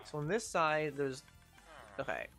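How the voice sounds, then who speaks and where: A young woman streams a game live and vents her frustration out loud, swearing and scolding the creatures on screen. Her pitch leaps and dips all over as she goes. Soft music plays underneath. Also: animated, measured pace. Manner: exasperated ranting, swears, scolds game mobs. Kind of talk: live gameplay commentary.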